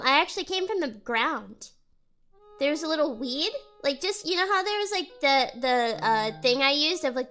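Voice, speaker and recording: A young woman on stream rambles, giggles, and reads her chat out loud in casual conversation with viewers. Her nose is stuffy, and her voice sits high with a sharp tone.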